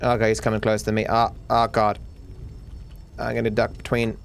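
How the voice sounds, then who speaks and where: An Australian man commentates a video game live in a lowish voice with vocal fry, speaking at normal speed in a completely flat delivery. He talks anxiously, stammering and repeating words, and swings into panicked outbursts.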